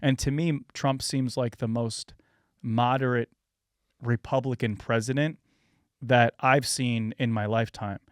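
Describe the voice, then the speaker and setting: A man's voice: mid-range voice, fairly even intonation, measured pace, no room sound, clean studio sound. A man in his thirties hosting a podcast in casual chat, rambling and loose, full of filler words and casual swearing. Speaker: podcast host.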